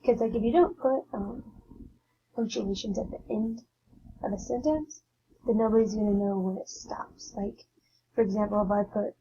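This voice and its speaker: A woman's voice: mid-range voice, fairly even intonation, moderate pace, mellow, a little hiss or hum. A woman giving a mock classroom lesson as a teacher, talking casually with many filler words. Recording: dull lo-fi with faint ambience.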